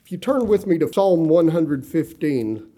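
A middle-aged man preaching a sermon, emphatic and slowing down to stress key words. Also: fairly high pitch, sing-song, dark tone. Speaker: pastor.

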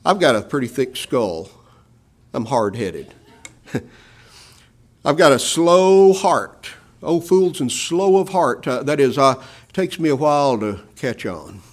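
A man preaching a sermon, addressing his listeners as "my beloved", moving between hushed low phrases and loud rising emphasis. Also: lively intonation, takes it slowly, long pauses.

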